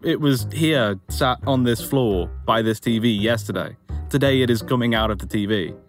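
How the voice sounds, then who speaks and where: A young English man casually recounting a story, animated and amused, acting out quotes. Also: mid-range voice, normal speed, soft background music. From England. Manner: animated, amused, quoting himself. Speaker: interviewee telling his story.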